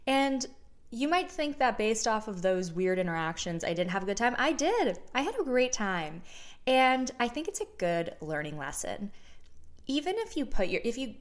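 A woman's voice: fairly high pitch, big pitch swings, moderate pace. A young woman in her twenties telling a personal story to her viewers in a casual, candid way, swearing freely and restarting her sentences as she goes. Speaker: vlogger.

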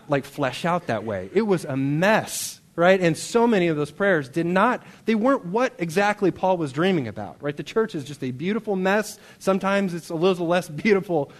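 A man preaching a sermon to a congregation in a conversational, animated way, often checking in with "right?". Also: fairly high pitch. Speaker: pastor. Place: church hall before a congregation.

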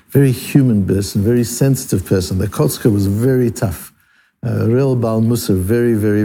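A man's voice: mid-range voice, gravelly, dark tone, a little hiss or hum. A man teaching a Talmud lesson, explaining in English with many Hebrew and Aramaic terms and often repeating or restarting words.

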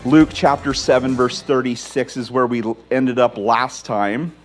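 A man's voice: mid-range voice, measured pace, faint music behind. A man in his forties, a pastor, preaching a sermon and telling stories with humor. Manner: storytelling with humor, lively.

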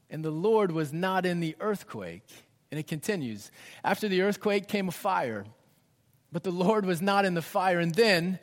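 A pastor in his thirties with a fairly high voice delivers a dynamic sermon that rings out with long reverb in a large church. He rises for emphasis, then drops to soft, hushed near-whispers.

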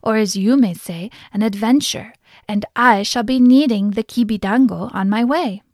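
A brave, courteous young hero from a folk tale, voiced by a female storyteller. He speaks out boldly yet politely, with a steady, determined push. The sound is dry and near. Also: a little high, normal speed, dry recording.

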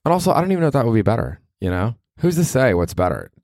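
A man's voice: medium pitch, very animated, racing, darkish tone, no echo, studio quality. A man from Cleveland, Ohio, hosting his own solo podcast in a rambling, self-deprecating way, swearing casually. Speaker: podcast host.

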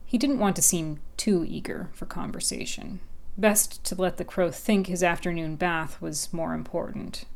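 A woman narrating a story in a calm, even way. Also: sits low, moderate pace, vocal fry.

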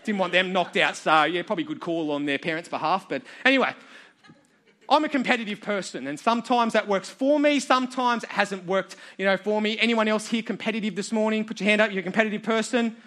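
An Australian man with a high, bright voice preaches to a live crowd. He tells his story with a self-mocking, joking touch. His sound is sharp and forward. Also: fast talker. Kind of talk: storytelling sermon to a live audience.

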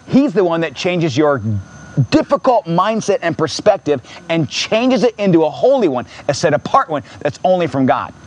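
A man pastor preaching an impassioned sermon in a church, repeating phrases and rising to near-shouts. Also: on the high side, sing-song, moderate pace.

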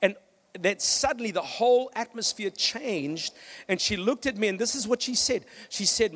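Brief: fired-up male preacher with a high voice who tells stories from the pulpit and rallies the crowd. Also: normal speed. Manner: energetic, with storytelling and "come on" calls to the congregation. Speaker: pastor. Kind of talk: preaching a sermon.

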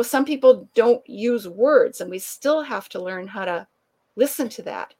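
A woman guest telling a long anecdote in conversation, animated and laughing often, acting out the people she quotes. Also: on the high side. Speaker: author and guest. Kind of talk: conversational storytelling.

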